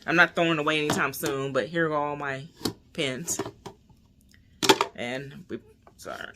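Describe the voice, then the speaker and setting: A stressed woman with a deep voice rambles anxiously in a casual personal vlog, speaking at a measured pace and often sinking to near whispers. The recording is very noisy.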